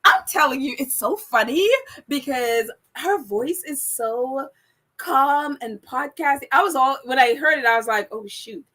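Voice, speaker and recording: Female livestream host, high and bright, loose casual chat, frequent laughter, voice all over the place. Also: measured pace. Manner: laughs often, voice jumps around in pitch. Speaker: livestream host reading viewer comments.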